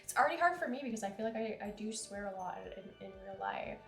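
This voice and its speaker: A woman's voice: mid-range voice, expressive, fast, reverberant, over music. A young woman streamer chatting casually and giggling while she plays a game. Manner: chatty, giggly, reads game lines aloud. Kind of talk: casual chat while playing.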